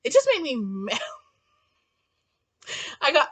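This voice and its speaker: A young woman at home giving a profane, exasperated, ranty book review in a casual, animated way. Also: high-pitched, takes it slowly.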